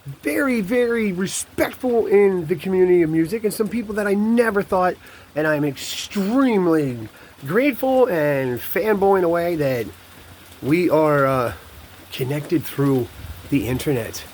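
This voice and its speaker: A man's voice: high voice, animated, unhurried, darkish tone, a little hiss or hum. A man in a casual confessional monologue to a camera, rambling and candid, jumping between thoughts while he paces. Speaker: vlogger and podcast host.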